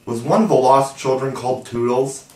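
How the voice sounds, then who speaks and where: Brief: man doing a loud, squeaky-high little lost boy, excitable, roomy distant recording. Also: fairly quick, lightly acted. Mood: excited. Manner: excited, exclaiming.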